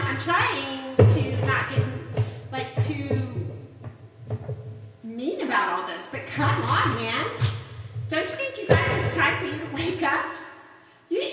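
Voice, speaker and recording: Scolding woman ranting in an echoey room. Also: high-pitched. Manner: scolding, rhetorical questions. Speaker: tarot reader. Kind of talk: ranting political commentary. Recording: echoey room, far from mic, noisy.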